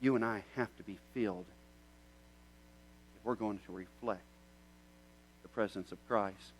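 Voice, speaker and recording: A man preaching a sermon. He tells a story in a conversational way, then builds to loud, emphatic questions. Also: on the low side, a little slow, a little hiss or hum, poor audio. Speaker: pastor.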